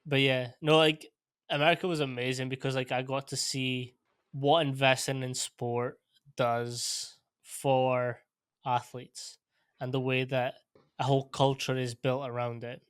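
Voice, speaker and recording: A young Scottish man chatting casually as a podcast host, laid-back and quick to laugh. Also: medium pitch, little pitch movement, a bit bright, smooth, dry recording, clean studio sound. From Scotland. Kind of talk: casual interview chat.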